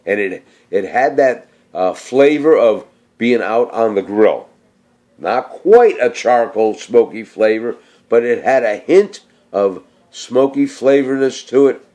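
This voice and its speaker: A man's voice: mid-range voice, expressive, slow, warm tone. A middle-aged man chatting casually on his vlog, rambling with many fillers and slightly slurred speech. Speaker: vlogger. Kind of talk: casual cooking chat and viewer shout-outs.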